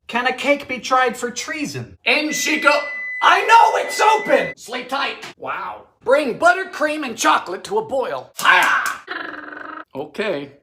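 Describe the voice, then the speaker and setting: Male home cook, comedic recipe narration; camp, sarcastic, very animated pitch, echoey kitchen. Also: a little slow, very noisy. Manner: campy, theatrical, sarcastic one-liners with sudden loud exclamations. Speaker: home baker.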